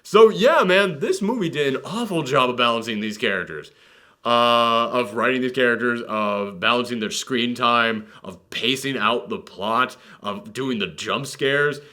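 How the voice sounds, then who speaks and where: A man hosting a casual film review podcast, talking in an animated, sarcastic and mock-dramatic way. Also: mid-range voice, a little slow.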